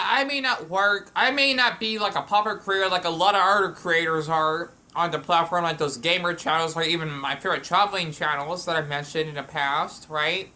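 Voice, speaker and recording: A woman's voice: sits low, bright, forceful tone. A woman vlogging at home while she eats, talking in a meandering way with frequent restarts and fillers. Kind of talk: rambling eating vlog.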